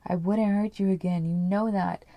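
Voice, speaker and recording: A woman's voice: medium pitch, fairly even intonation, normal speed, no echo, muffled recording, natural voice. A woman reading the lines of a desperate jailed husband pleading with his wife. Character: pleading male prison inmate husband.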